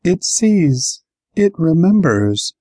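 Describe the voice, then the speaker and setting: A man's voice: a little high, big pitch swings, slow pace, dark tone, husky, no echo, clean studio sound, pitched above the performer's own voice, heavily acted. A man voicing a small cryptic tree-dwelling creature in an audiobook, speaking in riddles. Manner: cryptic, oracular.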